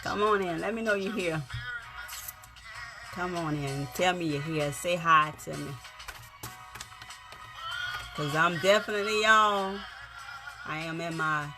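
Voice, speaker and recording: A woman from South Carolina with a Lowcountry Gullah-Geechee accent, chatting on a livestream in a folksy way and greeting viewers by name. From Yamassee, South Carolina. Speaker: livestream host. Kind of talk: casual encouraging livestream talk. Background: faint music.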